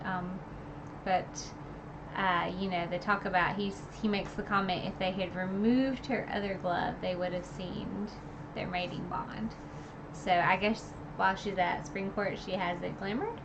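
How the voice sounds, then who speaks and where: A woman's voice: mid-range voice, background noise. A woman recapping a novel in a casual, rambling chat, full of fillers and asides. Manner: rambling and chatty, full of "like" and "you know". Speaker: book reviewer streaming a recap.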